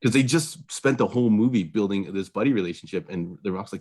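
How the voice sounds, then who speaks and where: A man's voice: medium pitch, quick pace, hardly any pauses, a little mellow, slightly rough. A man co-hosting a podcast, chatting casually about a movie in a rambling way, full of fillers and restarts. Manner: rambling, filler-heavy, laughs easily. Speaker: podcast co-host. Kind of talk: casual movie review chat.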